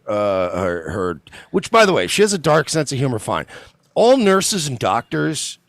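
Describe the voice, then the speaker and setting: A man's voice: medium pitch, fairly bright tone, no echo. A man co-hosting a podcast in casual chat, blunt and sarcastic, often exasperated. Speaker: podcast co-host.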